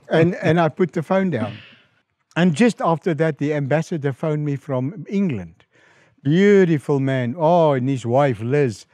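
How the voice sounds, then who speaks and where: Speaking unhurriedly with no room sound, a middle-aged man with a South African accent recounts his mission work as a pastor during an interview. When he imitates callers who rang him, his voice climbs in pitch and grows louder.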